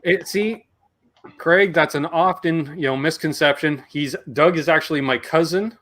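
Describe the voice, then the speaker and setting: A man's voice: on the high side, moderate pace, a bit bright. A man in his forties hosting a casual livestream chat, reading viewer comments aloud in an easygoing way. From Canada. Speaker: host.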